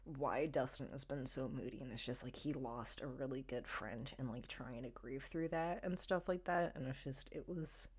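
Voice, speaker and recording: A woman's voice: very deep voice, moderate pace, hardly any pauses, slightly rough. A young woman reviewing a TV episode in a casual chat. She rambles and laughs often, with lots of "like" in her speech. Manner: chatty, laughs often, many "like" fillers.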